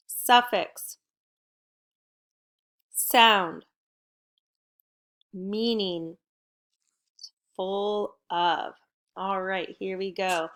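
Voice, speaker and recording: Speaking slowly and clearly for young kids, a middle-aged woman leads a recorded at-home lesson for first graders. Her mid-range voice has a fairly bright tone, and she sounds upbeat and encouraging.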